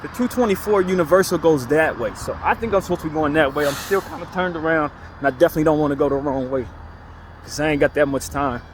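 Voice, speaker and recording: Man vlogging outdoors, fairly high voice, chuckling, faint traffic behind. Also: quick pace. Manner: chuckling, rambling. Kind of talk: casual storytelling. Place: outdoors on a city street, walking.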